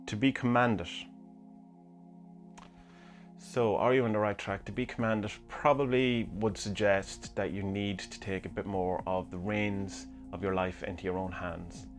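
Low-voiced musing male podcast host. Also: steady tone, measured pace, faint music behind. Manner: musing, rambling, many hesitations and restarts. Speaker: podcast host answering listener questions. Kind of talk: casual chat reading omens from books.

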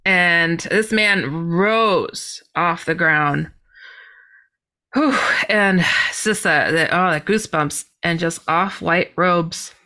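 A woman guest telling a personal story in a lively way, laughing and exclaiming often. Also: fairly low pitch, slow pace. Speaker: guest author.

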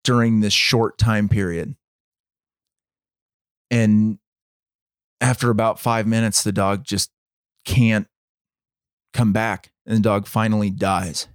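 A man co-hosting a podcast, telling a story in a measured, dramatic way. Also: on the low side, little pitch movement, smooth, no room sound, studio quality. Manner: measured, dramatic storytelling, acts out quoted voices. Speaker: podcast co-host. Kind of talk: storytelling in casual chat.

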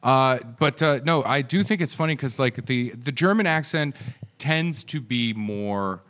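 A man's voice: mid-range voice, measured pace, fairly bright tone. A man from the United States co-hosting a podcast, rambling and joking in casual chat, often swearing. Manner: rambling, profane, jokey. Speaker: podcast co-host.

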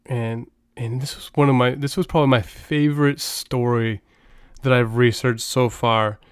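A man's voice: medium pitch, normal speed, clean tone, dry recording, clean studio sound. American man hosting a laid-back podcast. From United States. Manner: animated, laughs often, stammers at starts. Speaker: podcast host. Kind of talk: casual chat.

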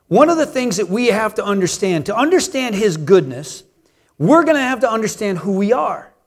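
A middle-aged man preaching a sermon as pastor, talking to his congregation in a conversational way with rhetorical questions and repetition. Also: high-pitched.

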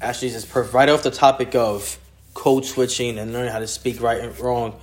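A young adult man telling a personal story in a casual, animated way. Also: mid-range voice, a little fast, slight background noise. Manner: animated storyteller, laughs easily.

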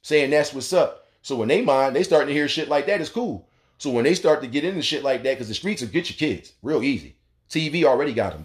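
A man hosting a talk radio show, delivering a blunt, profane monologue and acting out the voices he quotes. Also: mid-range voice. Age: adult, has a son.

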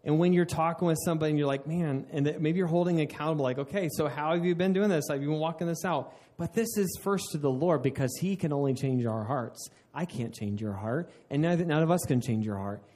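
A man's voice: fairly high pitch, fast talker, hardly any pauses, warm tone. A man preaching a sermon in an earnest way, often restarting mid-phrase and laughing at himself. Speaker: pastor.

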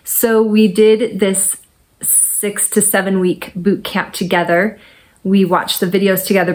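A woman in her forties, a mental fitness coach, telling a candid personal story in a conversational way with casual fillers. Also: on the low side. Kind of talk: personal testimonial talk.

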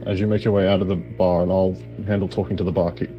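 A man's voice: sits low, level tone, quick pace, dull audio, faint music behind. A man playing his character at a tabletop game, speaking hesitantly with frequent uhs. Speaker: player. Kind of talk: in-character role-play.

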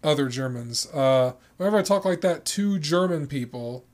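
A man's voice: fairly high pitch, lively intonation, moderate pace, a little mellow. A man co-hosting a casual chat, profane and given to mock-outraged rants. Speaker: podcast co-host.

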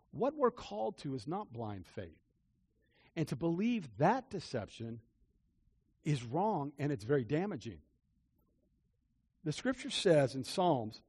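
Husky older man preaching, lively pitch. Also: unhurried, long pauses. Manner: earnest, repeats phrases, swings from loud to hushed. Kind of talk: testimony-style sermon.

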